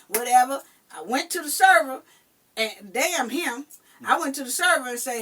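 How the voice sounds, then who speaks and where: A mother telling a personal story in casual chat, emphatic and animated, swearing now and then. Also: sits high, normal speed, slightly rough, recorded from a distance.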